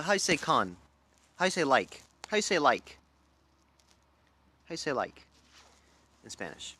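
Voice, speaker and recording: A young man from Louisiana ranting on a livestream, cursing freely and leaping from one thought to the next. His voice sits a bit high for a man and swings widely in pitch. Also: animated, measured pace, long pauses, a little hiss or hum. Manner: profane, loud and erratic, jumping between topics. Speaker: livestream host. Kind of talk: rambling casual livestream chat.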